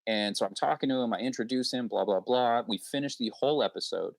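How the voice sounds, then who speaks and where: A man's voice: on the low side, quick pace, gravelly, hardly any pauses, no room sound. A man, a podcast host, chatting on a panel and acting out past exchanges in a rambling way. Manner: rambling, acts out quoted exchanges. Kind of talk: casual panel discussion.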